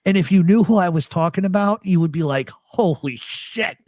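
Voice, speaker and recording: A man's voice: high voice, quick pace, dry recording. A man hosting a live talk show, telling stories in casual chat and acting out the voices of people he quotes. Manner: animated storyteller, acts out quoted voices.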